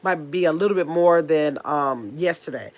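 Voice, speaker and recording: A woman in her fifties with a nasal voice, hosting a casual livestream, talking very fast and bluntly while reading chat comments. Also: sits low, darkish tone. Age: 50s. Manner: talks very fast, blunt and chatty. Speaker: livestream host.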